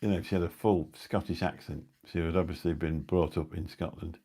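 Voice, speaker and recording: Brief: middle-aged male live-streamer, deep husky voice, rambling anecdotes. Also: steady tone, fairly quick, dark tone. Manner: rambling anecdotal storytelling with dry asides. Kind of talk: casual rambling chat. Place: indoors at home. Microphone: new phone or mic on a live stream.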